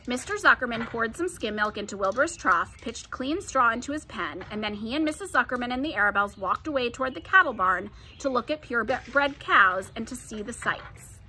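A woman reading a children's book aloud in a gentle, expressive storytelling manner. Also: fairly high pitch, fairly quick, few pauses, a little hiss or hum. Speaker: storybook reader.

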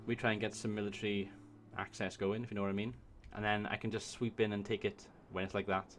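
Excitable swearing man in his twenties. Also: lowish voice, fairly quick, soft background music. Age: 20s. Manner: excitable, swearing, chatting to himself. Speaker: let's play host. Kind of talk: live gameplay commentary.

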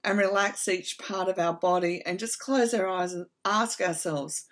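A woman's voice: on the low side, fairly even intonation, normal speed, a bit bright. A middle-aged woman hosting a casual advice talk, speaking earnestly and from the heart, often checking in with her listeners. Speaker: host.

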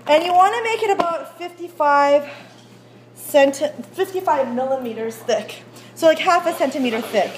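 A woman teacher with a high voice walks students through a baking demonstration in a school classroom kitchen. She is chatty and keeps asking whether everyone can see and follow. The sound is a phone recording made in class. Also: noisy background. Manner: chatty, checks understanding often. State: out of breath while rolling dough.

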